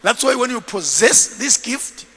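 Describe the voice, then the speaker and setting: High-voiced, animated preacher in a ringing hall. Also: male voice, unhurried. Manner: animated storytelling, acting out scenes. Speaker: bishop and preacher. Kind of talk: sermon.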